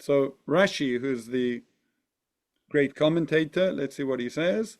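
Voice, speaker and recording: A man leads a study class at an unhurried pace, his voice sitting a little high for a man. He works through ideas slowly and keeps asking his listeners whether they follow. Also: expressive, darkish tone. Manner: thoughtful, often asks "right?". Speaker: teacher. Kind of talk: text study lesson.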